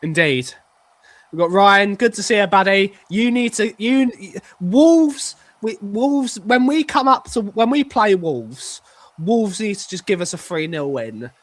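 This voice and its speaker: A man's voice: high-pitched, expressive, a little slow, a bit bright, no echo. A man co-hosting a casual football fan chat, joking and rambling. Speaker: co-host.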